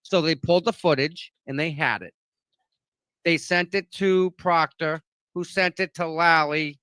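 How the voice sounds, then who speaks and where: A man with a Boston accent talks on a casual livestream, emphatic and repeating himself for weight. His voice is bright, a bit higher than most men's. The sound is dry and close. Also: clean tone, no room sound. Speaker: guest.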